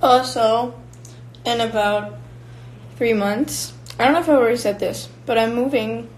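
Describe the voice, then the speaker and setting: A woman's voice: a little high, a little slow, low-quality recording. A young woman from Finland, casually chatting with fans on a live stream and answering their comments while she eats. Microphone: phone or built-in mic.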